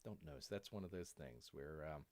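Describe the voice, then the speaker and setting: Male streamer, lively up-and-down voice, rambling and jokey, calls himself "Bear," voice tiring. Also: extremely low pitch, brisk, no echo, clean studio sound. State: voice wearing out. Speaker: live stream host. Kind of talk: rambling live-stream chat.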